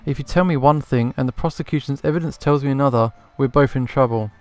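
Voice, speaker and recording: Man reading a commanding falcon lawyer, stern, mid-pitched. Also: quick pace, darkish tone, close to an everyday voice. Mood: firm. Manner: bluffing, stern legalese. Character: confident falcon lawyer, male, brash and commanding. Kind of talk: reading game dialogue aloud.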